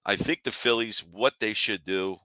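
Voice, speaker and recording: Male sports-show host, lowish voice, casual irritated rant, answers live chat. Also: normal speed, sharp tone, no echo. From Philadelphia area. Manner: annoyed, fired-up, talks to chat viewers.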